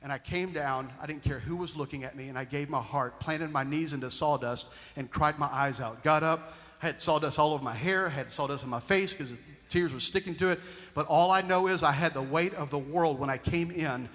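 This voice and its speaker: A male pastor preaching a sermon, moving between loud emphatic lines and hushed storytelling. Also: fairly high pitch, fairly quick. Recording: long reverb of a large hall.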